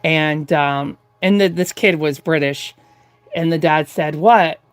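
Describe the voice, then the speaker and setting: A woman's voice: deep voice, steady tone, unhurried, smooth, no room sound. A woman chatting through a live doll-painting tutorial from her craft room at home, rambling with lots of fillers and restarts. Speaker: reborn doll artist streaming live.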